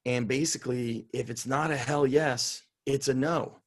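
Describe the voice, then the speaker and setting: A man's voice: mid-range voice, steady tone, unhurried. Guest: blunt, profane, fired-up middle-aged man, coach, mid-range voice. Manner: blunt, fired up, swears freely. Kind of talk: casual interview.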